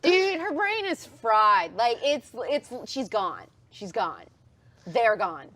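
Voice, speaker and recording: A woman's voice: on the high side, very animated, slow, over a noisy crowd. A woman co-hosting a studio chat show, teasing and reacting with laughter. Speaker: co-host.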